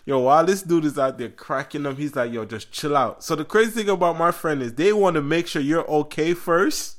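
A man co-hosting a podcast, telling a story in casual chat, animated and slangy, often laughing and acting out quotes. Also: on the high side, fairly quick. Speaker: podcast co-host.

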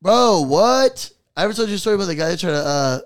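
A young man hosting a podcast, telling a story in casual, profane slang with animated energy. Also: on the high side, very fast, dry recording. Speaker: podcast host.

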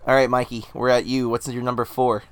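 A man's voice: mid-range voice, little pitch movement, fairly quick. A man co-hosting a casual podcast chat, talking with a lot of hesitant ums and restarts. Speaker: podcast co-host.

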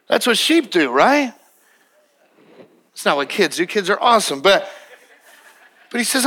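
Middle aged guy preaching, pretty high voice, punchy, keeps repeating lines. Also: lively intonation, sharp tone. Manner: emphatic and repetitive, acting out quick dialogues. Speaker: pastor. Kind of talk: sermon.

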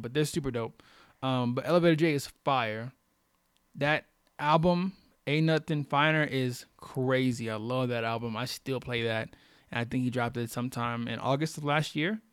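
A young Southern man hosting a casual podcast, chatty and excitable, firing off quick questions. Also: mid-range voice, clean tone, dry recording, clean studio sound. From American South. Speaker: podcast host.

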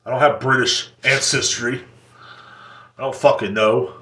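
A man's voice: medium pitch, fairly even intonation, unhurried, sharp tone, slight background noise. A man rants on his podcast, crude and rambling, with a mid-range voice and plenty of swearing. His voice carries a noticeable room echo. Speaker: podcast host. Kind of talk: comedic rant.

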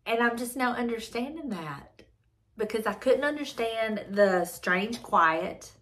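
A woman's voice: fairly high pitch, lively intonation, a little slow, fairly bright tone. A woman hosting a devotional channel, reading aloud and reflecting earnestly, repeating her phrases as she thinks things through.

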